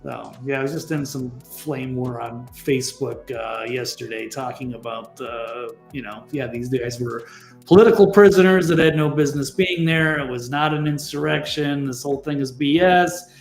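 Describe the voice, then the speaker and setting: A man's voice: mid-range voice, fairly even intonation, normal speed, vocal fry, roomy sound, faint music behind. A man talking as a guest on a political talk show, blunt and exasperated, swearing freely.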